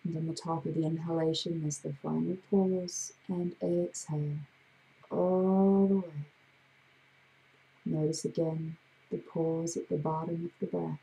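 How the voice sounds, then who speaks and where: Slow, soothing woman with a gravelly voice. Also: low-pitched, steady tone, warm tone, poor audio. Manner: slow, soothing, drawn-out guidance. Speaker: hypnotherapist. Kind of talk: guided breathing exercise.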